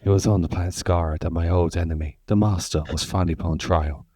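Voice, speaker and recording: A man voicing a solemn male time-traveller narrator in a deadpan, serious reading. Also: sits low, fast, slightly rough, dry recording.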